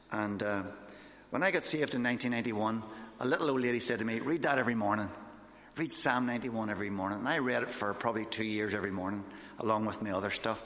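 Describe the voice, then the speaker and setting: A man's voice: mid-range voice, fairly bright tone. A man, a missionary, giving an informal sermon with his own testimony, talking conversationally with fillers and restarts. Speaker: missionary preacher. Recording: echoey hall.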